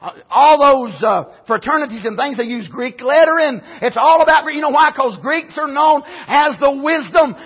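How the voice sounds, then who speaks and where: A man preaching a sermon in a church service, swinging between shouted lines and low asides and punctuating with amen. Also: animated, normal speed, husky. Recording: dull lo-fi recording.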